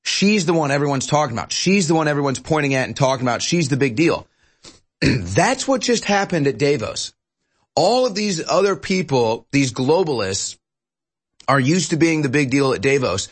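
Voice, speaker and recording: A man hosting political commentary, talking in an animated, mocking way. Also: on the high side, normal speed, breathy edge. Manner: mocking, puts on sneering voices. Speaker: host.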